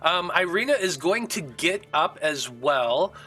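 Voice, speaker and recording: A man's voice: on the high side, big pitch swings, unhurried, sharp tone, breathy edge, soft background music, poor audio. A man narrating as game master of a tabletop game in a casual, hesitant way with fillers.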